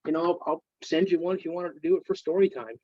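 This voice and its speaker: A man speaks in a medium voice, earnest and halting as he shares emotional personal stories. The audio is dull and dry, like a remote call. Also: on the high side, no echo. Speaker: guest, military veteran. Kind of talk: casual storytelling interview.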